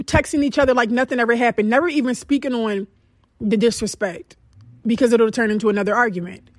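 A woman's voice: a little high, no room sound. A young adult woman podcast host tells a personal story in a blunt, profane, emphatic way. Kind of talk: candid storytelling monologue.

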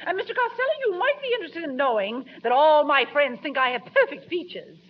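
A woman's voice: sits high, very animated, quick pace. A woman in 1940s radio comedy, speaking in a haughty, prim and affected way. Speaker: comic guest. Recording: muffled old radio broadcast.

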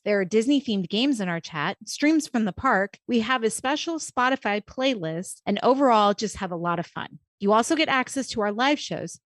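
A woman's voice: medium pitch, dry recording. Upbeat woman reading a show promo. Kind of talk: promo read.

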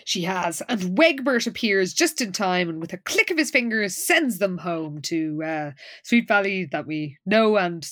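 A woman's voice: mid-range voice, animated, unhurried, few pauses, fairly bright tone. A woman co-hosting a casual recap chat, wryly retelling the plot and quoting lines. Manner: wry, recounts plot with quoted lines. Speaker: podcast co-host.

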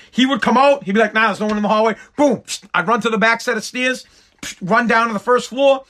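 A man's voice: extremely high pitch, quick pace, sharp tone. A man, a podcast host ranting with lots of swearing, exasperated and emphatic. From Woburn, Massachusetts, USA. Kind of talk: comedic profane rant.

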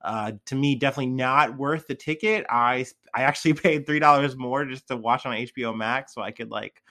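A young man talks casually to his viewers, a little drunk and high. His talk wanders loosely and is full of fillers and slang. His voice sits at an average male pitch. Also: brisk, sharp tone. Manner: laid-back, heavy on fillers and slang. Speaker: vlogger. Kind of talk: casual rambling monologue.

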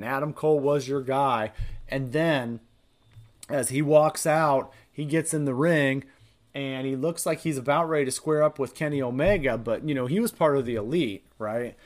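A man hosting a podcast, recapping events in a casual, rambling, excited way with many fillers. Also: mid-range voice. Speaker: podcast host.

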